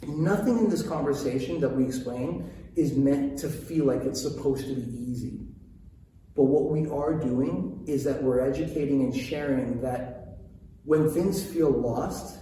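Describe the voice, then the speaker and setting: A man's voice: medium pitch, measured pace, warm tone, a little hiss or hum. A man speaking as a parenting coach, talking earnestly and directly to his listeners, often repeating his points. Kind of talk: casual talk to viewers. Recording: very echoey room, distant mic, faint ambience.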